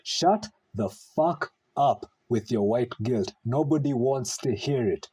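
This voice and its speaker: A man talks through a reaction video in a dark, mellow register. His voice has a husky edge. He sounds blunt and exasperated, and he swears freely. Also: medium pitch, expressive, takes it slowly. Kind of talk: casual reaction commentary.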